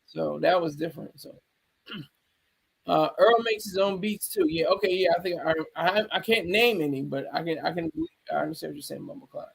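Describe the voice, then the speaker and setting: High-voiced man rambling on a stream. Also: moderate pace, gravelly, slightly rough. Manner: rambling, restarts sentences, talks to chat by name. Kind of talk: casual livestream commentary reacting to chat.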